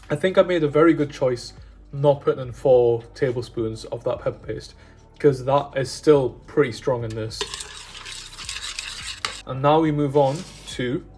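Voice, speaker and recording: A man's voice: mid-range voice, darkish tone, breathy edge. Chatty man rambling while cooking. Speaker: cooking vlogger. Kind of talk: casual cooking chat.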